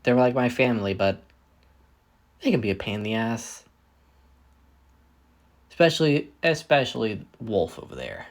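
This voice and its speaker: A man's voice: mid-range voice, lively intonation, normal speed, long pauses, natural voice. A man voicing a young woman who leads a heist crew, fond but exasperated.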